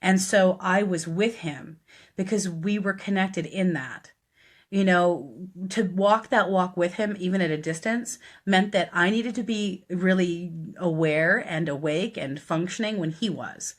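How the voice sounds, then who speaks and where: A death doula tells a personal story on a live stream, speaking earnestly and conversationally with plenty of fillers. Her voice is fairly low and a little slow.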